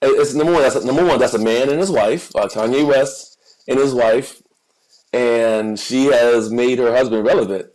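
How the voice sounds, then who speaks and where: A man's voice: medium pitch, normal speed, a little mellow, poor audio. A man co-hosting a podcast, chatting casually about football and celebrity news, often repeating words as he searches for what to say. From United States. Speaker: podcast co-host. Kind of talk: casual chat.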